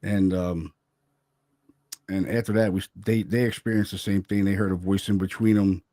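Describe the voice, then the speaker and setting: A low-voiced man with a dark, mellow tone tells a ghost story the casual way. His speech is loose and chatty, peppered with "man" and "you know". The sound is dry and close. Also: steady tone, normal speed, no echo. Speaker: paranormal investigator guest.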